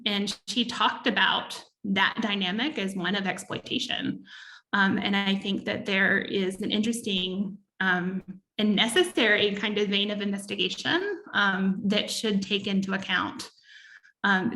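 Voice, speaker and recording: A woman author giving an academic talk and answering questions, thoughtful and halting, with frequent ums, over a video call. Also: mid-range voice, a bit bright. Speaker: author and speaker.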